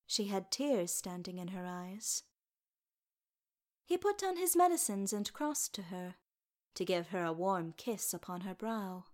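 Slow woman reading a story aloud. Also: medium pitch, animated. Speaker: narrator. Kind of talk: storybook reading of fan fiction.

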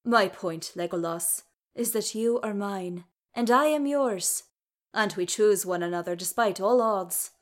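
A gruff, fond male dwarf warrior, read by a woman at an unhurried, deliberate pace. He talks with gentle teasing and warmth from a storybook. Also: medium pitch, close to an everyday voice. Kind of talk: fan fiction read aloud.

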